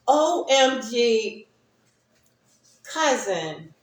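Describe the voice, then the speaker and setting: A woman's voice: mid-range voice, animated, unhurried, echoey room. A woman hosting a livestream, talking casually and reflectively to her viewers and laughing often. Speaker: livestream host.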